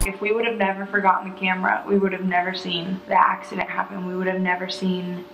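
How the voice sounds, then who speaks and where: A woman's voice: on the low side, monotone, fast talker, gravelly, few pauses, fairly bright tone, a little hiss or hum. A young woman telling an earnest, heartfelt personal story in a casual way. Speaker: interviewee recounting a rescue. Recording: echoey room with music behind.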